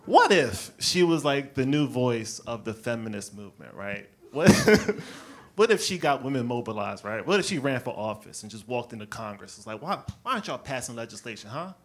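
A man from Brooklyn doing a stand-up set on a club stage, telling stories with lively character bits and laughing at his own jokes. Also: medium pitch, normal speed. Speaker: stand-up comedian.

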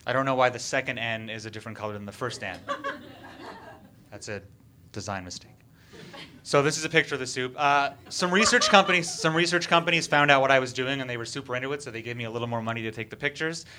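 A man performing a stand-up bit in a mock-serious, deadpan presentation style, with frequent hesitant fillers, on a stage microphone. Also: medium pitch, fast, background noise. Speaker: comedian.

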